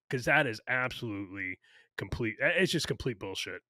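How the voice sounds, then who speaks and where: A man's voice: medium pitch, lively intonation, moderate pace, a loud crowd. A man co-hosting a podcast in casual, opinionated chat, ranting with lots of fillers and profanity. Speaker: podcast co-host.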